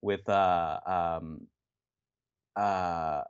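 A man co-hosting a casual wrestling chat, animated and profane, often acting out other people's lines. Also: deep voice, extremely slow, clean tone, muffled recording. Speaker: podcast co-host.

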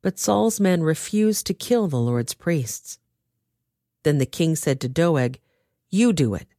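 A woman narrating a dramatized scripture reading with expressive storytelling. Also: low voice, slow pace, no echo, clean studio sound.

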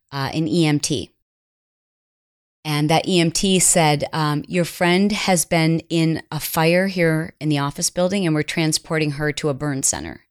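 Earnest, confiding woman podcast host. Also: low voice. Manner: earnest, confiding, drops to near-whisper at emotional moments. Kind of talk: personal storytelling monologue.

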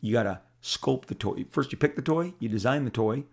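A fifties-aged comic artist spins loose, meandering tales in a mid-range voice, speaking a bit fast with lively intonation, gravel, and a breathy edge. He keeps restarting sentences and repeating words.

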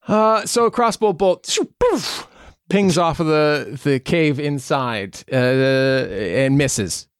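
Halting man running a tabletop game. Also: on the high side, smooth, no echo, studio quality. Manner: halting, filler-heavy narration. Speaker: game master.

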